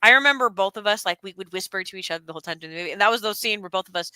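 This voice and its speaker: A young woman co-hosting a casual chat stream, talking in an animated, rambling way with lots of fillers and restarts. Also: medium pitch, rapid-fire, clear, resonant tone, no room sound. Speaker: stream co-host.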